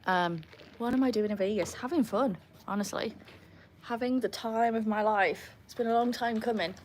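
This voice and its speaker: A woman's voice: a little high, normal speed, a little hiss or hum. A young woman from England and Wales chatting casually with viewers on a live stream from beside a home pool. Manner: chatty, answers viewers, cheers loud woohoos at the dog. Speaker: livestream host with her dogs. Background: pool pump and faint outdoor ambience.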